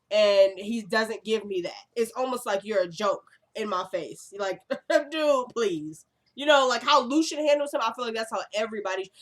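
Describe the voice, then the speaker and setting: A woman's voice: fairly high pitch, fairly bright tone. A woman recapping a TV episode in a casual, chatty way, sassy and rambling with frequent asides.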